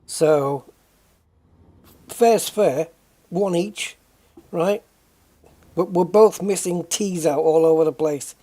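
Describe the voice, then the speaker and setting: A British man chats casually on his game livestream with a warm, mellow tone. He rambles and muses, greeting viewers by name and often correcting himself mid-thought. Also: a little high, takes it slowly, pauses often. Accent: British English. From United Kingdom.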